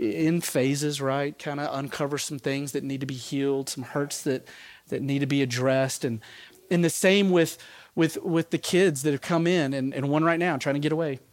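A man giving a conversational sermon as a pastor, laughing at his own asides. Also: on the high side.

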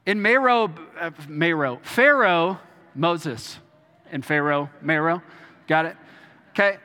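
A man's voice: a little high, animated, slow pace, bright, forceful tone. A man from Texas preaching a sermon as pastor, earnest, often repeating words and restarting his phrases. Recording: long hall reverb.

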